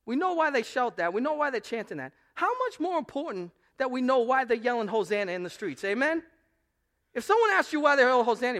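A male pastor preaching a sermon, swinging between loud proclamation and quiet asides. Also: very high-pitched, very animated, fast.

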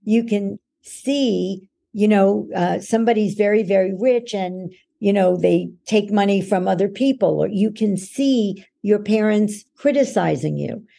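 A woman's voice: medium pitch, unhurried, creaky, few pauses, dark tone. A woman guest on a podcast, a coach who explains how beliefs form in a patient, instructive way and acts out everyday voices to make her points. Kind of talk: explanatory interview answer.

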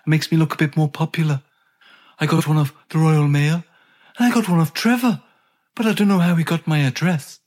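A man's voice: a little high, a little fast, darkish tone, voice pushed up, natural voice. A man voicing a plain-spoken retired male rock guitarist, leaving a rambling message with dry grumbles. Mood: chatty. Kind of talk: comic recorded message.

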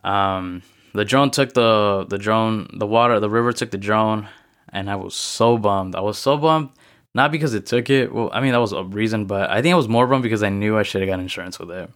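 Slightly breathless low-voiced male podcaster. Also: brisk, fairly bright tone. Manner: rambling and self-correcting storytelling. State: a little out of breath. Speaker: podcast host. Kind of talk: casual solo motivational podcast talk.

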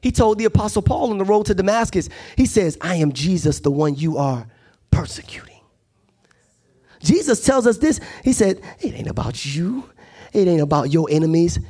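A man's voice: high-pitched, lively intonation, a little fast, warm tone, breathy edge. A man preaching a sermon as pastor, building to rising, impassioned cadences. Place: church sanctuary.

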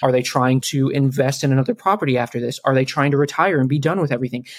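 A man's voice: mid-range voice, fast talker, no echo. Guy from south carolina on a podcast, earnest, giving advice step by step. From South Carolina, USA. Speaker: podcast guest. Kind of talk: casual podcast interview.

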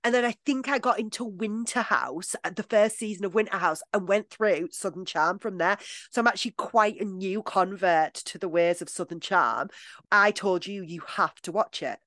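A woman's voice: mid-range voice, moderate pace, a bit bright, no echo. British woman, podcast co-host, casual enthusiastic chat, dry close sound. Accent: British English. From Britain. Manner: chatty, enthusiastic, laughs often.

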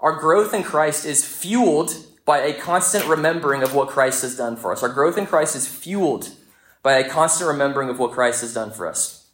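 A young man preaching a sermon, telling a story in a lively, conversational way. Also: fairly high pitch, moderate pace. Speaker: pastor. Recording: echoey church room.

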